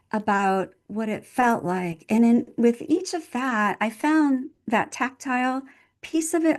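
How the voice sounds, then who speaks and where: A woman's voice: fairly high pitch, a little mellow. An older woman, a nurse and guest speaker, telling a personal story in an interview in an earnest, heartfelt way, leaning on repeated phrases for emphasis. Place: at home in Texas.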